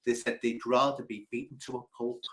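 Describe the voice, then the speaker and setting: A middle-aged man, hosting a casual livestream chat and telling stories in an animated way. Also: mid-range voice, a little fast, poor audio. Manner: animated storyteller, mimics people in quotes. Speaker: host.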